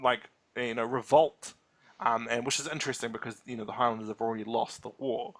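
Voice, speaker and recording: A man co-hosting a casual podcast chat, animated, acting out quotes with laughing asides. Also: mid-range voice, a little fast. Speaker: podcast co-host.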